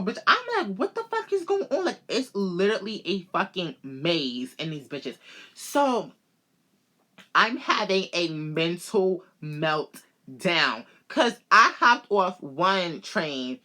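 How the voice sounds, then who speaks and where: A woman vlogger telling a personal story in casual, animated talk, swearing freely and calling her listeners girl. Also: fairly low pitch, a little slow. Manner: animated, profane, addresses listeners as girl and bitch.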